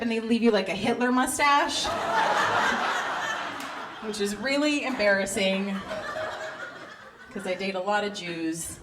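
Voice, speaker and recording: Woman in her thirties, stand-up comic, brash, profane, higher-pitched, live club recording with background noise. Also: lively intonation, a little slow, pauses often. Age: 30s. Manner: brash, profane, self-mocking, laughs through lines. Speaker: stand-up comedian. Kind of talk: stand-up comedy set. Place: comedy club stage.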